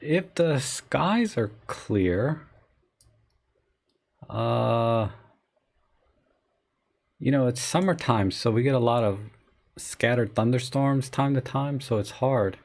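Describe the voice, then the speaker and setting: A man's voice: medium pitch, slow pace, creaky, long pauses, a little mellow. A middle-aged man hosting a casual live photography chat, rambling and telling stories with many fillers. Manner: rambling, chatty storytelling with fillers. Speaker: live stream host.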